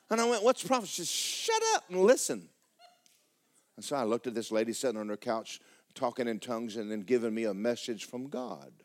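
A middle-aged male pastor, preaching a sermon in a folksy storytelling way that climbs into shouts. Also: medium pitch.

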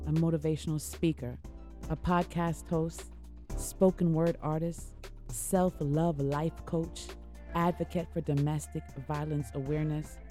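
A woman hosts a talk show with chatty, lively energy. Her voice is low and mellow and going hoarse. Faint music sits behind her. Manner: chatty, animated, restarts. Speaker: host. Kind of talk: online talk show interview.

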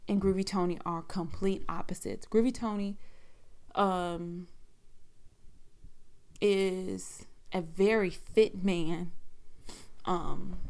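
A woman's voice: fairly low pitch, darkish tone. A woman telling a personal story in a frank, profane, rambling conversational way.

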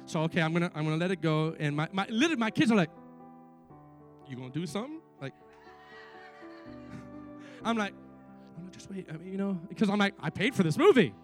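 A man's voice: high-pitched, lively intonation, fairly quick, pauses often, soft background music. A middle-aged man preaching a sermon as pastor, telling stories and building to fervent pleas. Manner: preaching with rising fervor and repeated pleas.

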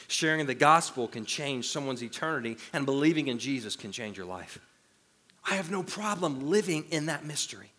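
A male pastor preaching a sermon in an animated way, with self-deprecating humor. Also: mid-range voice.

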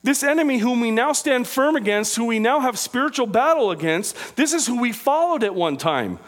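A man preaching a sermon as pastor, acting out small scenes and dropping low and quiet for scripture readings. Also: moderate pace. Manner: animated preaching with acted-out impressions.

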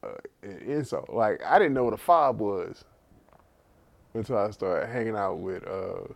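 Animated, profane male podcast co-host. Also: fairly low pitch, unhurried, vocal fry. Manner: profane, animated storytelling with bursts of laughter. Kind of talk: casual chat.

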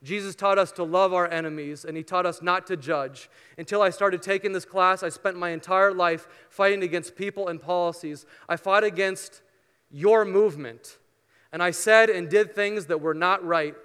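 Pastor guy giving a sermon, smooth clear voice, big church echo. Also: high-pitched, steady tone, normal speed. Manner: earnest storytelling, dropping to a soft prayer. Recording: long hall reverb.

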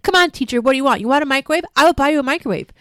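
A woman voicing a loud woman shopper who rants and mocks complaining parents. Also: high voice, expressive, rapid-fire, no room sound, studio quality, pitched above the performer's own voice. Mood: ranting. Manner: shouting, mocking rant.

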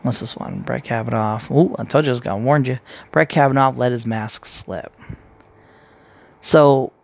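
A man's voice: medium pitch, normal speed, vocal fry. A man giving casual commentary in a blunt, profane way, rambling and restarting his sentences as he goes. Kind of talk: casual opinion rant.

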